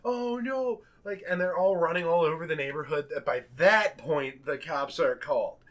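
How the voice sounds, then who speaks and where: Animated young man telling a story. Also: fairly high pitch, moderate pace. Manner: animated, laughing, swears freely, acts out the people he quotes. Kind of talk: casual podcast storytelling.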